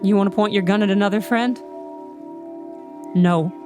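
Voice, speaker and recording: A woman's voice: medium pitch, steady tone, moderate pace, over music. A woman playing her character in a tabletop game, talking in an earnest, pleading, folksy way. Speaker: player. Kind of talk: in-character tabletop role-play.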